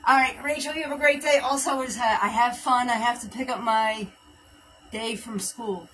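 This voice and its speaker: Here a fitness host streams a home workout, chatting and tallying reps aloud while slightly out of breath. Her voice is a little high and fairly bright, at a moderate pace, recorded far from the mic with some background noise and poor sound.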